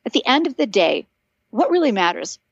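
Animated middle-aged woman, muffled dry recording. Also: a little high, fairly quick, vocal fry, breathy edge, no room sound. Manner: animated storytelling, earnest and encouraging. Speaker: podcast guest, author and speaker. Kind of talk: casual chat.

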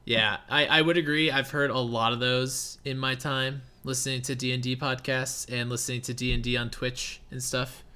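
A young man co-hosting a podcast, chatting casually in an animated, joking way. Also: medium pitch, moderate pace, hardly any pauses, clean tone. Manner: animated, jokey, laughs along. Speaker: podcast co-host and streamer.

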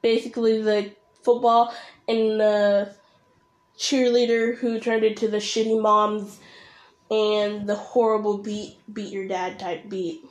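A woman's voice: mid-range voice, little pitch movement, slow pace, reverberant, lo-fi sound. A young woman ranting bluntly and sarcastically while she reacts to a video. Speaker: reaction vlogger.

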